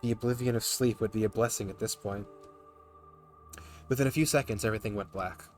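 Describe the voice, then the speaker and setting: A man reading a tired, bewildered young student's inner monologue aloud from a game, quietly and at an even pitch. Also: fairly quick, soft background music, lightly acted. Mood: weary. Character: weary, bewildered young male student narrator.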